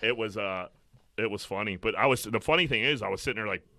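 A man's voice: lowish voice, fast, bright, forceful tone, no room sound. A man in a casual chat, telling profane, rambling stories with lots of restarts.

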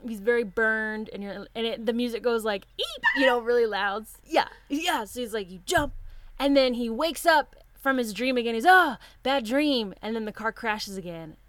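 A woman co-hosting a casual chat, retelling a story in an animated way and acting out the quotes. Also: on the high side, normal speed, few pauses, slight background noise. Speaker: podcast co-host.

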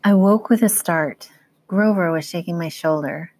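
Low-voiced woman reading a story aloud. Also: moderate pace. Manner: steady, expressive storytelling. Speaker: teacher.

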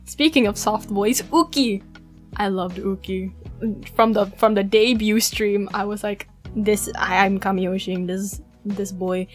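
A woman's voice: mid-range voice, steady tone, a little slow, soft background music. A young woman from Malaysia co-hosting a podcast, chatting casually and gushing as a fan, with frequent giggles. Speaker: podcast co-host. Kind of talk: casual chat.

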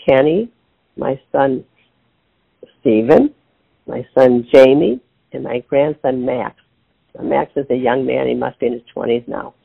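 An older woman, an author and interview guest, telling a family story with lively acted-out dialogue. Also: low-pitched, creaky. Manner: animated storyteller acting out her own quotes. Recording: tinny phone line.

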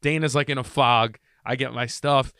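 A man hosting a podcast, telling a story in a casual, animated way and acting out the people in it. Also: mid-range voice, normal speed, creaky, clear, resonant tone, no room sound, studio quality. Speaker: podcast host.

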